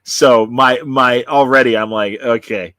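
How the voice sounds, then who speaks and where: A man's voice: medium pitch, steady tone, measured pace, a bit bright, no room sound. Man, talk show host, casual chat, lots of uhs and restarts, dry close sound. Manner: rambling, many fillers and restarts.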